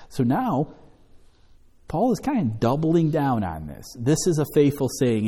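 A man's voice: medium pitch, mellow. A man teaching a Bible study, emphatic, stressing and repeating key words and asking rhetorical questions. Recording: long hall reverb.

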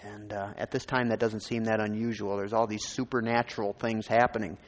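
A man's voice: fairly low pitch, level tone, a little fast, in a large hall. A man from Minnesota, a pastor, telling his personal testimony in a sermon in an informal, rambling way with many restarts.

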